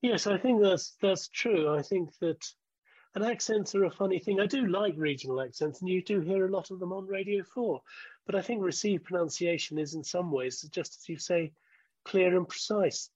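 Interview guest, man in his sixties. Measured, restarts his thoughts. Dry, dull lo-fi sound. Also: sits high, a little mellow, no echo. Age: 60s. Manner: measured, thinks aloud with restarts. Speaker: guest, former broadcaster. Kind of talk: conversational interview.

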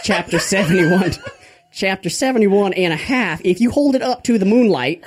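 A man's voice: sits high, moderate pace. A man voicing a rambling, mock-preachy Georgian preacher named Father Grandfather, sermonizing absurdly. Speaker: character from podcast RPG.

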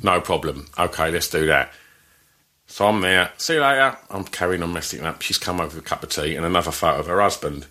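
A man's voice: low voice, fast talker. A man telling a story in casual chat, laughing and swearing as he goes. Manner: animated, laughs through his story, swears freely. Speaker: podcast guest telling a story.

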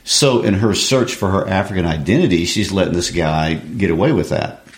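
A man discussing a classic play in a lesson, explaining in a measured way. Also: deep voice. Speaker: literature teacher. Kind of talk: discussing and reading a play aloud. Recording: echoey room.

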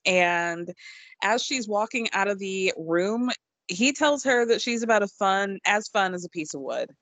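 A woman in her thirties co-hosting a casual chat, relaxed and quick to laugh, often restarting her sentences. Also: mid-range voice, dry recording. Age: 30s. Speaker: podcast co-host. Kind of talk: casual chat about reality TV.

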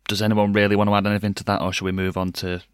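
A man's voice: on the low side, flat delivery, rapid-fire, clean tone, dry recording. A man hosting a casual football podcast, talking in a dry, sardonic way. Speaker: podcast host.

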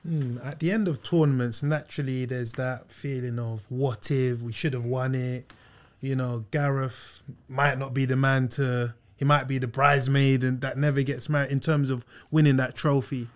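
A man hosting a podcast, asking his guest a measured question and mostly listening with short responses. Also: mid-range voice, fairly even intonation. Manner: brief backchannels and measured questions. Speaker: podcast host. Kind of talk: interview questions.

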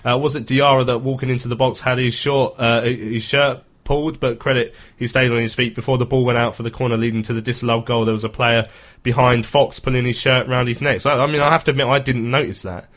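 A man's voice: medium pitch, little pitch movement, a bit bright. A man hosting a football phone-in radio show, chatting casually with lots of fillers and restarts. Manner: quick, hesitant, many fillers.

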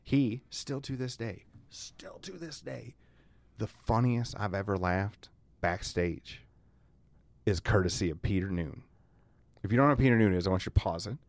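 A man's voice: fairly low pitch, normal speed, no echo. A man co-hosting a podcast, telling loose, profane stories in casual chat, full of "like" and "man". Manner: animated, profane storytelling with frequent "like" and "man". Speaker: podcast co-host.

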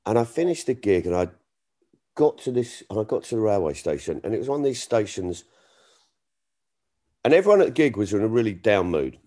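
A middle-aged comedian telling a story in a lowish voice. His pitch swings widely as he acts out quoted exchanges. He talks in a loose, animated way, often restarting his sentences. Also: fairly quick, long pauses. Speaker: comedian guest. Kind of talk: casual chat, storytelling.

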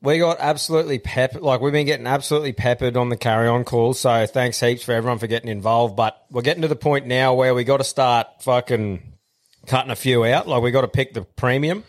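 A man's voice: mid-range voice, brisk. An Australian man hosting a podcast in crude casual chat, laid-back, swearing freely and laughing often. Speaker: podcast host.

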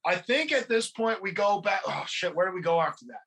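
A podcast host retelling a movie scene by scene in a casual, swearing, animated way. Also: mid-range voice, brisk, creaky. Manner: profane, animated storytelling.

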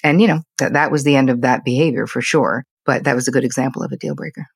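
An older woman, a psychotherapist and podcast guest, telling candid stories about family in a lively, conversational way. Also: extremely low pitch, vocal fry, husky, dry recording. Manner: candid, animated storyteller, speaks in quick bursts. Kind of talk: conversational interview storytelling.

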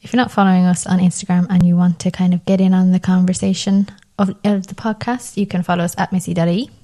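Easygoing woman, lowish voice. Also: little pitch movement, dark tone. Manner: easygoing, quick agreeing backchat. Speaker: podcast co-host. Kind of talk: casual chat.

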